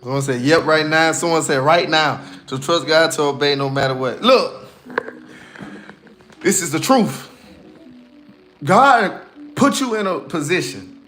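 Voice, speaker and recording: Earnest high-voiced man preaching. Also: animated, a little slow, long pauses, a bit bright, faint music behind. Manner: earnest, emphatic, folksy, repeats himself. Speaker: live streamer giving spiritual encouragement. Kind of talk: casual preaching on a livestream.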